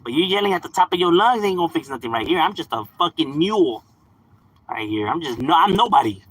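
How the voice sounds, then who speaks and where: Man, young adult, casual stream chat, husky, lively pitch. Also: fast talker, dry recording, rough recording. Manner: laid-back slang, mixes in Spanish words, laughs often. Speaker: live streamer.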